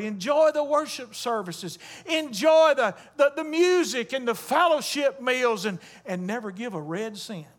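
A pastor delivers a sermon in a strikingly high voice. He drives each point with emphasis. He pulls the congregation into call-and-response. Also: fairly bright tone. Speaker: Baptist pastor.

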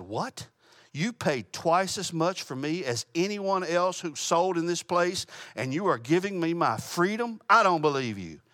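A man's voice: fairly high pitch, fairly bright tone, dry recording, studio quality. Earnest man teaching a Bible study. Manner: earnest, plain-spoken, with small restarts. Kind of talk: sermon with storytelling.

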